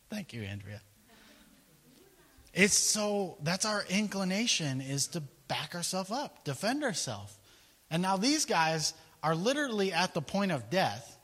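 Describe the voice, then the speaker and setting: Animated man preaching a sermon. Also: sits high, measured pace, slightly rough, big-room sound. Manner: animated, storytelling, laughs often.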